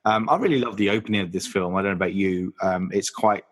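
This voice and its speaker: A man's voice: low-pitched, quick pace. A man co-hosting a podcast, chatting casually about a horror film with many fillers and restarts. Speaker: podcast co-host.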